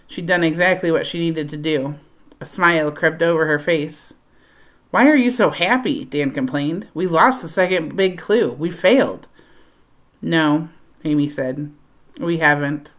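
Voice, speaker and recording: A woman reading a children's adventure novel aloud in a steady, expressive storytelling voice. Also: deep voice. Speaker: reader.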